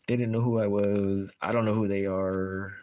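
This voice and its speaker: A man's voice: fairly low pitch, little pitch movement, moderate pace, darkish tone. A man chatting casually on a livestream while tying fishing jigs, telling rambling stories full of fillers.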